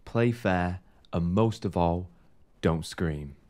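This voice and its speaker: A man calmly reading scripted game setup instructions as a voice-over. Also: low-pitched, takes it slowly.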